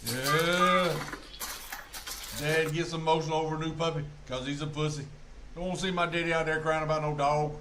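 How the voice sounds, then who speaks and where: A man's voice: fairly high pitch, fairly even intonation, normal speed, bright, forceful tone, a little hiss or hum. Crude, mocking male streamer. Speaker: streamer reacting to clips. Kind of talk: casual reaction commentary.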